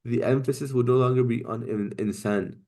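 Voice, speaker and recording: With a steady, slightly mellow, medium-pitched voice, this teacher leads a Quranic Arabic class. He explains grammar patiently, checks in often with "right?" and "okay?", and recites verses at a quick clip.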